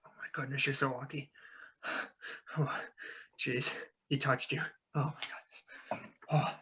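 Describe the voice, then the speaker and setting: A man playing a character in a tabletop game, talking in a gushing, excitable way. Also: mid-range voice, unhurried, husky, highs cut off. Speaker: player.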